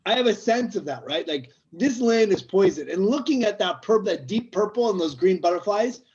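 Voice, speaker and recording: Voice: mid-range voice, animated, normal speed, darkish tone, husky. A tabletop game player voicing a ranger in formal, earnest speech. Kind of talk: in-character tabletop role-play. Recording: dull lo-fi sound.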